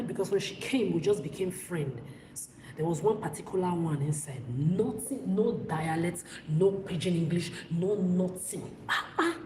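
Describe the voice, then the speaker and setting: A woman rants straight into the camera, blunt, profane and angry, often tripping over her words and starting sentences again. Her voice sits fairly low for a woman. It bounces around a hard, echoey room, and a steady wash of background noise runs underneath. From West Africa. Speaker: vlogger. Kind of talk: ranting monologue to camera.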